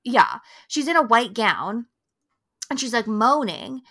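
Bright-voiced woman podcast host. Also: a little high, slow pace. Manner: animated, swears freely, acts out quotes. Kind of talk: casual chat.

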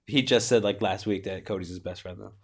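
A young man co-hosting a casual podcast, teasing his friend with dry, deadpan jokes. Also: low voice, fairly quick. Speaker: podcast co-host. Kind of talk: casual chat.

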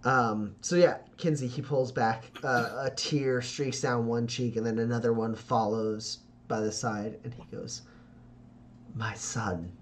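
A man narrating as game master of a tabletop game, relaxed and descriptive with filler pauses. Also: mid-range voice, slight background noise.

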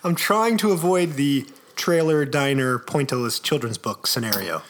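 A man with a reedy voice co-hosting a podcast, telling stories in a wry, animated way. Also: medium pitch, moderate pace. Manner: wry, animated storytelling with frequent laughs. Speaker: podcast co-host. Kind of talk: casual chat.

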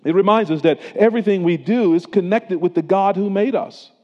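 A man's voice: high-pitched, a little fast. A middle-aged man preaching a sermon as a pastor, in a conversational style that weaves in personal stories. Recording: dull lo-fi sound with long hall reverb.

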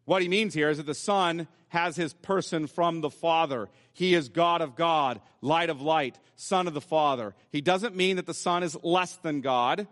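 A man's voice: a little high, normal speed, hardly any pauses, a bit bright, in a large hall. A man preaching a sermon as pastor, explaining scripture step by step in a teaching manner. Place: church sanctuary.

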